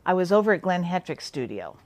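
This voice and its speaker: A woman's voice: lowish voice, big pitch swings, fairly quick, a little mellow. A woman makeup artist casually telling an anecdote, acting out what people said. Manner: chatty storytelling, acting out quoted voices.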